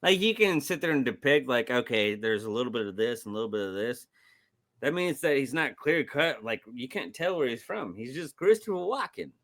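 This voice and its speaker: A man's voice: mid-range voice, very animated, fairly quick, a bit bright. A man co-hosting a film podcast, telling stories in casual chat, swearing freely and laughing often. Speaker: podcast co-host.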